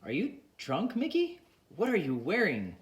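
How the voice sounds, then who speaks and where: A man voicing an exasperated, sharp-tongued young woman who scolds in a raised voice, in an audiobook reading. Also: medium pitch, expressive, moderate pace, lightly acted. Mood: scolding.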